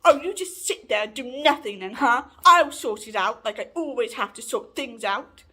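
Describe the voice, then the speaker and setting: A woman's voice: on the high side, lively intonation, moderate pace, bright, forceful tone. A woman mimicking a snapping, scolding woman. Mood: angry. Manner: scolding, sarcastic. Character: irritated, condescending woman snapping.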